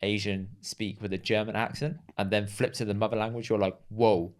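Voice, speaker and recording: A man's voice: on the low side, fairly quick. A British man co-hosting a podcast, telling stories and teasing his guest in casual chat. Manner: teasing, lively storyteller. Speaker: podcast co-host.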